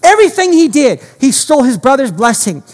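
A pastor preaching a sermon with impassioned storytelling, delivered in quick bursts with frequent restarts. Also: high-pitched, big pitch swings, long reverb tail.

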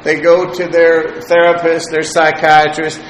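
A man gives a sermon testimony in a chatty, halting way, chuckling as he tells the story. His voice sits a little high. The room has a noticeable echo and there is faint background noise. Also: monotone.

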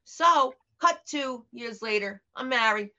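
This older woman comedian, guesting in a casual interview, has a slightly high, animated voice with a sharp tone and a slow pace. Her lively stories include impressions of the people she quotes, heard through dull lo-fi audio.

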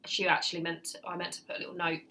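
A woman's voice: lowish voice, completely flat delivery, very fast, bright, forceful tone. A woman co-hosting a casual film podcast, enthusiastic and blunt, swearing casually. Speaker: podcast co-host.

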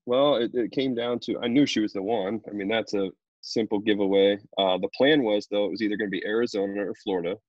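A man, a pro baseball pitcher, chatting casually in an interview and telling stories loosely with lots of fillers. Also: quick pace, few pauses, no echo, lo-fi sound. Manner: relaxed, rambling storyteller with many fillers.

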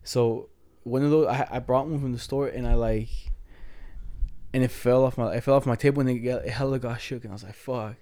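A man's voice: mid-range voice, fairly even intonation, a little fast, warm tone, no room sound, studio quality. Slangy young man telling stories. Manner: slangy, profane, laughing storyteller. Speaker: storyteller among friends. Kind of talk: casual chat.

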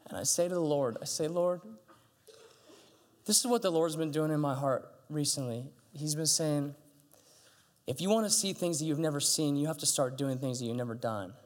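A middle-aged man preaches from a church stage, his voice sitting high for a man. He tells stories in an animated way and acts out the dialogue as he goes. A long reverb trails off each phrase in the hall. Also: normal speed. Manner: animated, acts out dialogue with big pitch jumps. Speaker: pastor. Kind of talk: sermon storytelling.

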